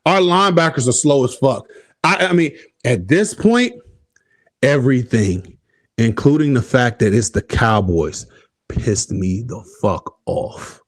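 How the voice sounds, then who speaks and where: In clean studio sound without echo, a man with a mid-range, animated voice talks a little slowly while hosting a casual sports podcast. He rants profanely, sounds exasperated, and laughs at himself.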